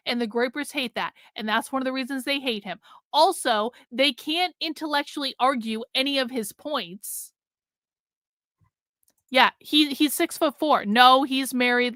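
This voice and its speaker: A bright-voiced woman talks in a blunt, chatty way, hosting her own livestream. Her voice sits a little high. The sound is close and dry. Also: moderate pace, no room sound. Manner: blunt, chatty, laughs often. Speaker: livestream host. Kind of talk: casual livestream commentary.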